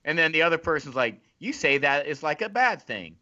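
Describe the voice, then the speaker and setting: A man's voice: a little high, big pitch swings, fairly quick, pushed and bright, muffled recording. A man co-hosting a podcast in casual chat, often laughing and restarting his sentences. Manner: stammering restarts and frequent laughs. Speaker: podcast co-host.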